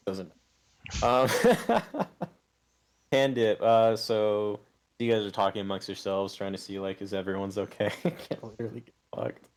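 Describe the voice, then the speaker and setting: Young man running a tabletop game, low-voiced. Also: animated. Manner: halting, full of fillers and restarts. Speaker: game master.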